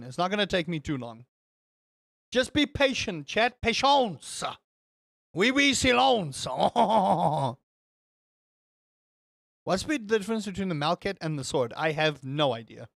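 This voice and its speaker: A young man streaming and chatting casually with his viewers, rambling and animated with exaggerated exclamations. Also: on the high side, normal speed, dry recording, clean studio sound. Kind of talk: casual chat with live chat.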